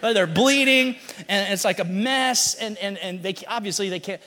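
A man preaching in a loose, animated storytelling style. His voice sits high. A long hall reverb follows his words around the room. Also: moderate pace. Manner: casual, animated storytelling with slang. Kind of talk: sermon.

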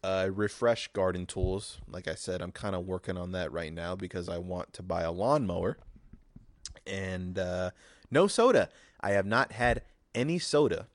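A man's voice: low-pitched, fairly even intonation, moderate pace, no echo. A young man hosting a casual solo podcast who rambles, restarts, and swears freely. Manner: rambling and profane, with frequent restarts. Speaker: podcast host.

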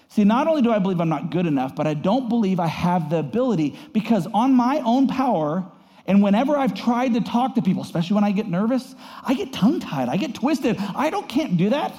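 An animated male pastor who preaches in a lively, chatty way and swings his pitch freely. His voice sits high for a man but has a mellow tone. It rings out with a long reverb, as if from a large hall. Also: brisk. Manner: animated and conversational, acts out voices in quotes. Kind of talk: sermon.

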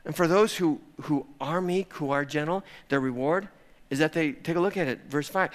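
A middle-aged man preaching a sermon, animated, dropping to hushed tones and then rising to loud exclamations. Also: high-pitched, normal speed. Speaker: pastor.

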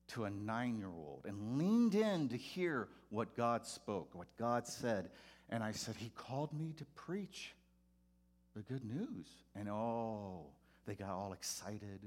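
A middle-aged man, a preacher, telling his own story to an audience, swinging from hushed to loud. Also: lowish voice.

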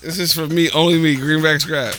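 A man tells profane stories on a podcast at a rapid clip. His voice is bright and a little high for a man. Music plays faintly behind him. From Staten Island, New York. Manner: rapid, profane, animated storytelling. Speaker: podcast co-host. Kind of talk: casual podcast banter.

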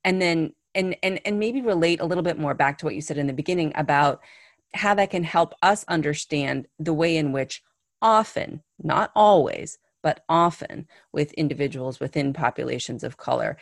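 A woman with a low voice hosts a conversational interview. Her tone is gravelly, and she thinks aloud in a reflective, searching way. The recording is close and dry. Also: animated, moderate pace, no echo.

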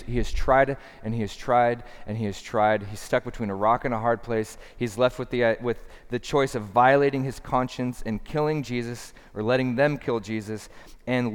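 A man preaching a sermon with fervent, repeating bursts that drop low and quiet when he quotes Jesus. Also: clean tone. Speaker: pastor. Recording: long hall reverb.

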